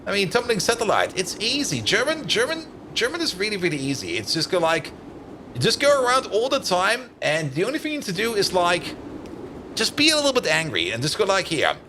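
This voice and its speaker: A man's voice: high voice, wildly swooping pitch, brisk, pushed and bright, a little hiss or hum. A man giving casual, rambling commentary as he streams a building game, thinking aloud and chatting with viewers, full of "like" and "uh". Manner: thinks aloud while building, answers chat.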